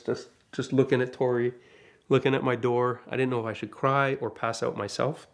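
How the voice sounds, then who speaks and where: A man telling a casual first-person story about crashing his car, chatty and lively, with asides and small laughs. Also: medium pitch, moderate pace. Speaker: DeLorean rental owner telling a crash story.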